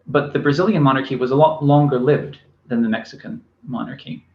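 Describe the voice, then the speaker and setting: A man's voice: mid-range voice, fairly quick. A man giving a recorded university lecture, speaking with many fillers and restarts. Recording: echoey room, dull lo-fi sound.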